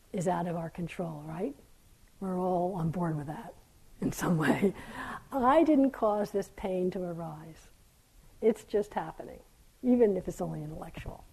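A woman teacher speaks gently and reflectively in a dharma talk, her tone mellow and dark. Her voice is a little breathy and husky, and at times it sinks to a soft near-whisper. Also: mid-range voice, rough recording. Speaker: meditation teacher. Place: meditation hall.

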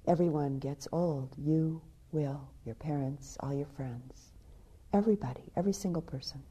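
A calm, wise male companion, as a woman telling a teaching story puts him on. He explains softly and patiently, in a low, very dark and husky voice. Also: moderate pace. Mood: gently explaining.

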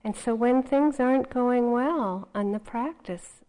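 Woman, meditation teacher, dharma talk, mellow warm tone, loose chatty delivery. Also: fairly high pitch, a little slow, low-quality recording. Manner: conversational, frequent "you know" asides.

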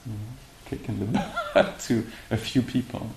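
A man giving a meditation talk and answering questions, speaking haltingly with many fillers and restarts. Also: mid-range voice, fairly even intonation, creaky. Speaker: meditation teacher. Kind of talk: dharma talk and Q&A. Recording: echoey room with faint hiss.

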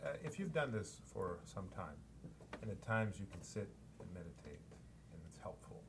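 Male class participant, low voice, hesitant questioner, faint background noise. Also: big pitch swings, gravelly. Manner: hesitant, with pauses and fillers.

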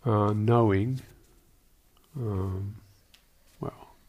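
A man, a Buddhist monk teacher, answering questions in a dharma talk, speaking in a halting, thoughtful way with many restarts and small asides. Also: fairly low pitch, steady tone, a little mellow.

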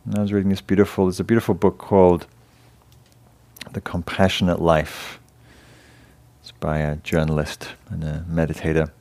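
A man with an English accent giving a dharma talk as a meditation teacher, gentle and halting, pausing and restarting as he tells a story. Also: low-pitched, flat delivery. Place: meditation hall class.

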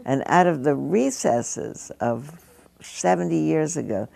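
Older woman, very low creaky voice. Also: animated, takes it slowly, warm tone. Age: over 70. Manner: conversational, storytelling, chuckles often. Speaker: meditation teacher. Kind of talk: dharma talk to a live audience. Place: meditation hall.

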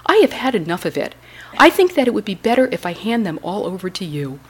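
A woman's voice: mid-range voice, big pitch swings, fast talker, husky, pitched above the performer's own voice. A woman telling a story at a dharma talk, voicing Mara as a tired male tempter spirit who complains about his role. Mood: weary.

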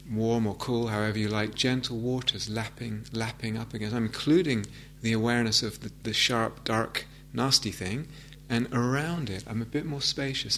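A man giving a meditation talk, gentle and reflective, with frequent hesitant restarts. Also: mid-range voice, slight background noise. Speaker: meditation teacher. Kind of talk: dharma talk. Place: meditation hall with audience.

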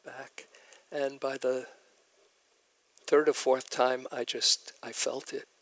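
A man giving a dharma talk as a meditation teacher at a retreat, telling stories in a gentle, reflective way. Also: mid-range voice, flat delivery, slow pace.

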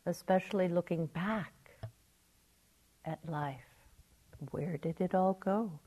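An older woman, a meditation teacher, giving a gentle, reflective dharma talk. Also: lowish voice, slow pace, slightly rough.

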